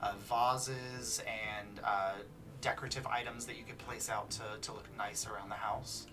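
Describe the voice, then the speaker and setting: A man's voice: lowish voice, flat delivery, recorded from a distance, over music. Casual man running a tabletop game. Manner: casual, halting, many fillers. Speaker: game master.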